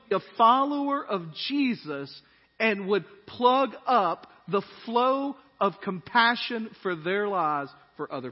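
A man preaching a sermon with emphatic rising phrases, often asking the congregation questions. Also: high voice. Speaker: pastor. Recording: dull sermon audio with long hall reverb.

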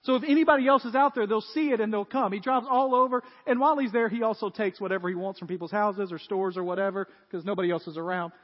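A pastor preaches a sermon to his congregation in a voice that sits high for a man, talking fast with few pauses and slipping into lively storytelling as he retells scenes. The sound is dull, with a long church-hall reverb.

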